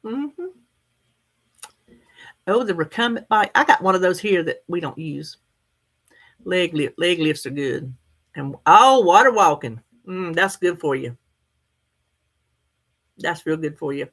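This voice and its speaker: A woman's voice: fairly low pitch, animated, a little slow, pauses often, fairly bright tone. A middle-aged woman, chatting casually with her viewers and laughing often as she answers their comments. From United States. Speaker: livestream host.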